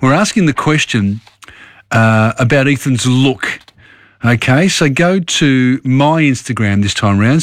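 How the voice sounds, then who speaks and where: A man's voice: mid-range voice, dry recording. An easygoing man hosts a talk radio program and chats his way through announcements and asides. He is recorded on a close studio mic with a dry, dead sound. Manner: easygoing, conversational, chatty asides. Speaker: radio host.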